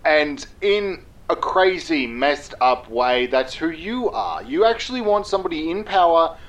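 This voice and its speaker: An Australian man playing a grandiose, meandering mock political candidate in a mock-solemn campaign pitch. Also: sing-song, unhurried, rough recording.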